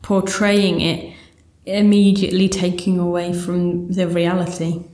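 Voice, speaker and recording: A woman's voice: lowish voice, monotone, measured pace, a little mellow, roomy sound. Chatty woman asking probing questions. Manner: chatty, uses fillers, asks probing questions. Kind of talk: casual reflective chat.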